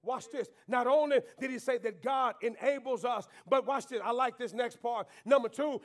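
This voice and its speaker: A man. He builds to fervent shouts and falls back to quiet, intense lines. He keeps urging the pews to answer him. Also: extremely high pitch, moderate pace, hardly any pauses. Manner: preaching with call-and-response, swings between shouting and quiet. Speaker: pastor. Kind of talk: sermon. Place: church sanctuary.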